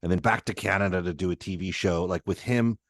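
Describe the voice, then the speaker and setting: A man's voice: sits low, quick pace, no echo, clean studio sound. A man hosting an interview, telling rambling anecdotes and laughing often. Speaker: podcast host. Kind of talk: casual interview chat.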